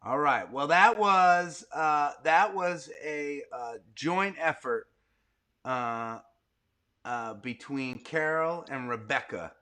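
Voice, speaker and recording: A man hosting a casual online gathering, reading out viewer answers with excitable reactions. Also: a little high, takes it slowly. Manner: animated, excitable. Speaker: host of a livestream gathering.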